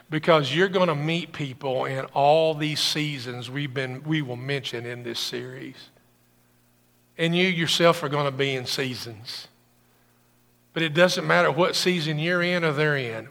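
A male pastor delivers an impassioned sermon in a raised, somewhat high voice with a gravelly edge. His tone is bright and forceful. The sound carries a long hall reverb, as in a church sanctuary. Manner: impassioned preaching that swells loud and high.

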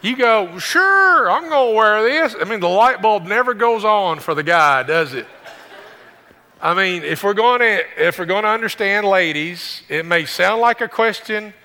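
A man's voice: sits high, moderate pace, bright, forceful tone, in a large hall. A man preaching a sermon as pastor, with a conversational style and joking asides to the congregation.

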